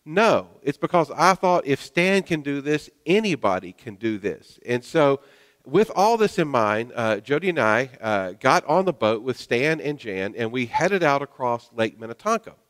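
Folksy preacher with a smooth, ringing voice. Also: male voice, medium pitch, sing-song, fairly bright tone. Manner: folksy, self-deprecating, many "uh" pauses. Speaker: pastor. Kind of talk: sermon storytelling. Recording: long hall reverb.

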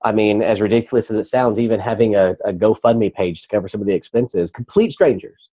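A man's voice: on the low side, a little fast, mellow, lo-fi sound. A man, a guest on a talk show, earnestly telling a personal story in conversation.

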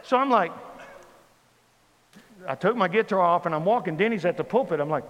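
A man telling a funny personal story from the pulpit in a sermon, animated and comic. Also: high voice, fairly quick, pauses often. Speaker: pastor. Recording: reverberant hall with faint ambience.

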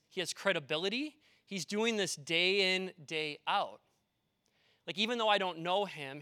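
A man's voice: high voice, pushed and bright, dry recording, clean studio sound. A man, a pastor, preaching a conversational sermon in an earnest way, with personal stories and rhetorical questions.

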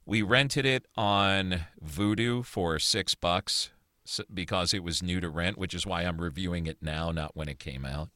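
A man's voice: low-pitched, measured pace, bright, forceful tone, no echo, studio quality. A man co-hosting a podcast, chatting casually and reviewing movies with opinionated, rambling talk. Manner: opinionated, rambling with restarts and swearing. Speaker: podcast co-host.

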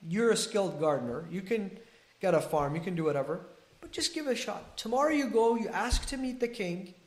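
A man voicing a calm, kindly wandering male prophet who speaks in a gentle, encouraging way. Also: high voice, fairly quick, reverberant. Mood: urging.

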